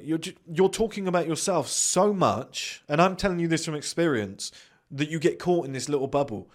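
A man's voice: on the high side, lively intonation, moderate pace. Blunt, sweary man. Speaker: podcast host. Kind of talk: blunt motivational monologue.

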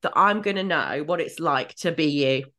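A woman talks in a relaxed conversational way, with a low voice. She tells stories with lively swings up and down in her pitch. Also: normal speed. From Great Britain. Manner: animated storyteller with big swings in pitch. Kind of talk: casual conversation.

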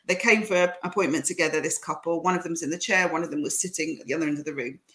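A woman's voice: sits low, very fast, fairly bright tone. A woman who is a comedian and podcast host, telling a story in casual chat and acting out what people said. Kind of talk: anecdote told in casual chat.

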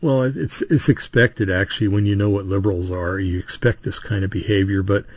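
Man, low voice, rambling opinionated host monologue, dry dull lo-fi sound. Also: steady tone, brisk, no echo. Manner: rambling, full of restarts and asides. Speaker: podcast host.

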